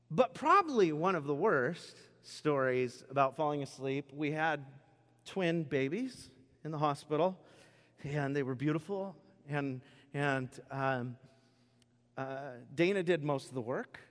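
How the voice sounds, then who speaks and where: A man in his thirties preaching a sermon, telling a self-deprecating personal story with animated delivery and sudden loud outbursts, in a church. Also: fairly high pitch, measured pace. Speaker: pastor. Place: church sanctuary. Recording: long reverb of a large hall.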